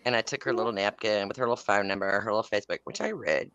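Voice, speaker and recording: A woman's voice: rumbling low, very fast, fairly bright tone, no echo, lo-fi sound. A woman telling a story in casual chat. She is blunt and profane and laughs as she talks. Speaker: podcast host.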